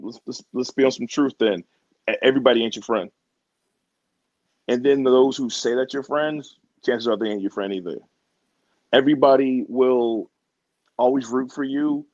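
A man's voice: medium pitch, darkish tone, dry recording, highs cut off. A man being interviewed as a wrestler, talking in a laid-back, slangy way and laughing often. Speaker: wrestler guest. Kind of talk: casual interview chat.

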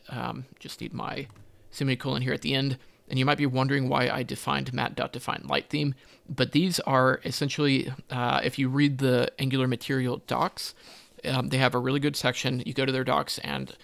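In a screen-recorded coding walkthrough, a man thinks aloud as he types, with frequent ums and corrections of himself. His voice is medium in pitch, fairly bright, with vocal fry.

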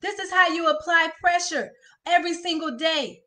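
A woman's voice: very high voice, normal speed, sharp tone. A woman life coach on a live stream, leading viewers through affirmations with lots of energy and repeated "y'all" and "all right.".

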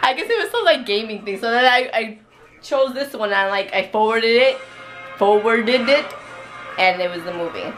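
A chatty young woman telling a story on her home vlog, her pitch bouncing up and down as she teases and laughs. Music plays clearly under her voice. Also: animated, normal speed, fairly bright tone. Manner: chatty, teasing, laughs often. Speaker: vlogger. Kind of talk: casual home vlog chat.

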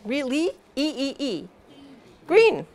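Slow, patient woman teaching pronunciation. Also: high-pitched, huge pitch swings, darkish tone. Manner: patient, drills sounds slowly with repetition and light laughs. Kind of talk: live English pronunciation lesson.

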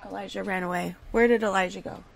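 Gushing woman with a fry in her voice. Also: mid-range voice, fast talker, slight background noise. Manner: gushing and excitable, repeated exclamations; rambling with fillers and restarts. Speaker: gaming video creator. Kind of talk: casual game commentary. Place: home. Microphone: desk USB microphone.

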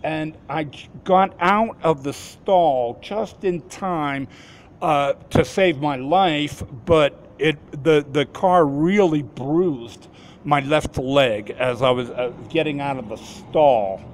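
A man in his fifties recounts a personal story at an unhurried, drawn-out pace. His voice sits a little high for a man, and he often trips over his words and starts sentences again. A faint hiss runs underneath. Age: 50s. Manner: halting, with frequent restarts and repeated words. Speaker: formerly homeless man recounting an experience.

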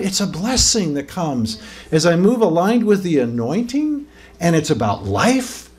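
A fairly high-voiced man gives an informal teaching sermon. He talks conversationally, keeps asking his listeners questions, and then builds up to emphatic peaks. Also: very animated, a little slow, darkish tone. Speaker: pastor.

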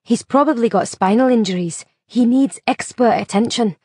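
A woman voicing a nervous young woman who helps a crash victim, tremulous but growing calm and businesslike. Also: on the high side, moderate pace, slightly rough, no room sound, studio quality, pitched above the performer's own voice. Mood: anxious reassuring.

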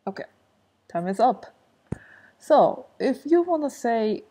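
A woman's voice: mid-range voice, lively intonation, slow pace, pauses often, mellow. A woman giving a casual language lesson, explaining step by step and repeating key phrases. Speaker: language teacher.

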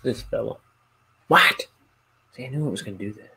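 A man's voice: medium pitch, rapid-fire, vocal fry, warm tone, husky, low-quality recording. A man chatting casually while he inks a drawing. He rambles and hesitates, and mocks himself with a chuckle. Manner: rambling and hesitant, with many fillers and restarts; self-mocking, chuckling to himself. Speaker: comic artist inking live.

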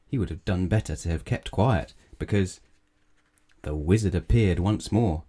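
Low, mellow-voiced man reading a bedtime story. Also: moderate pace, husky. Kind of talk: children's bedtime story read-aloud.

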